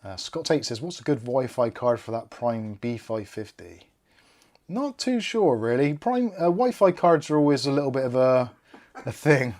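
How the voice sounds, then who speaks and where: A man's voice: medium pitch, big pitch swings, moderate pace, darkish tone. A man hosting a live PC build stream, chatting casually and reading out viewer comments while he works. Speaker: tech channel host.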